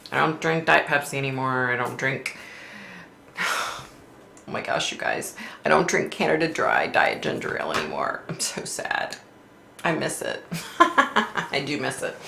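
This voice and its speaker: A chatty woman hosting a psychic livestream, her low voice gravelly and sharp-edged. She laughs often and reads viewer comments aloud. The sound is roomy and echoey, with faint room noise behind her. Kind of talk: casual chat reading viewer comments.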